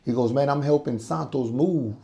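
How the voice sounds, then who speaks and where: A man telling his life story in a casual interview, loud and animated, acting out the voices of the people in it. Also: medium pitch, normal speed, vocal fry. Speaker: guest business owner.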